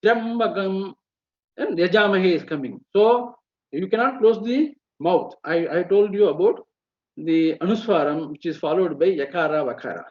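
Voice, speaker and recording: A man's voice: high voice, animated. A middle-aged man with an Indian accent gives a spoken lecture on chanting rules, hesitating with many fillers and breaking into sample chants. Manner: halting, many fillers, demonstrates chants mid-sentence. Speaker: Vedic chanting teacher. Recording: muffled webinar audio.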